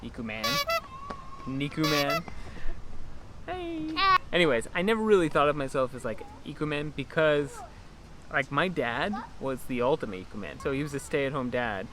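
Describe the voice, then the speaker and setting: A man's voice: medium pitch, expressive, normal speed, background noise. A young American man from California, chatting casually in a vlog with a laid-back, rambling way of talking. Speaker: vlogger.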